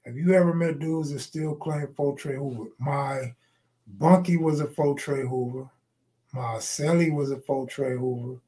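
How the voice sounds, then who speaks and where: On a live stream, a middle-aged host spins rambling, profane stories in casual slang, pausing to respond to viewer comments. It's freestyle storytelling, delivered in a mellow, medium-pitched voice at a slightly slow pace.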